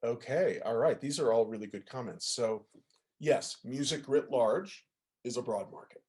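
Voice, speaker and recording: A man's voice: medium pitch, moderate pace, darkish tone. A man, a music professor, giving a casual lecture over a video call, often asking "right?" and "okay?" to check in with listeners. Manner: conversational, asks the audience to confirm with frequent "right?" and "okay?".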